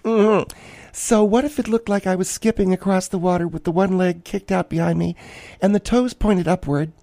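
A man's voice: high-pitched, darkish tone, no echo. A man voicing a flamboyant, self-absorbed woman podcast host who rambles theatrically and gushes about herself. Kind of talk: comic character monologue.

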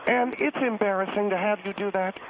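A man's voice: sits high, steady tone, brisk, pitched above the performer's own voice, natural voice. A man voicing a prickly, haughty middle-aged woman who calls in to a radio show and talks down to the host. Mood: indignant. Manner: indignant, huffy and condescending. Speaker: radio guest on the phone. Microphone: telephone. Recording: tinny phone line, faint hiss.

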